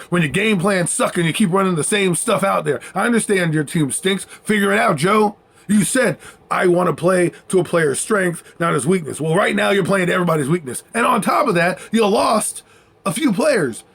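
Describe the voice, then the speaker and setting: A man with a high-pitched, husky voice and vocal fry delivers a fired-up sports rant as a commentator. He's heated and sarcastic, mocking and repeating points for emphasis.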